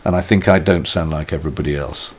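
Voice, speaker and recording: Older british guy, really low voice, thinking out loud, dry little laughs, keeps restarting. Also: steady tone, fast. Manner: thoughtful, wry, frequent restarts and self-mocking laughs. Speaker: musician being interviewed. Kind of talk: reflective conversational interview.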